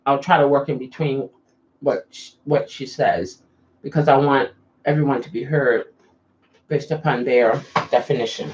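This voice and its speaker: A woman's voice: very deep voice, normal speed, darkish tone, muffled recording. A woman hosting a casual livestream, chatting with viewers and coaxing them to answer her questions. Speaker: livestream host.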